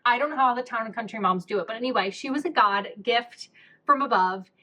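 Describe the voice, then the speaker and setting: A woman's voice: fairly high pitch, brisk, sharp tone. A young woman with a slightly raised voice tells a personal story on her podcast. She is chatty and candid, swears freely and fills her talk with "like." Her delivery stays casual and confessional. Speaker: podcast host.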